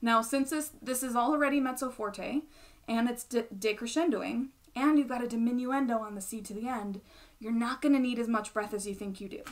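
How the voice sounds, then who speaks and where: Patient woman teaching, slightly high voice. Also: brisk. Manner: patient, explanatory, checks in with "right?". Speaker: bassoon teacher. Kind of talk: instructional explanation.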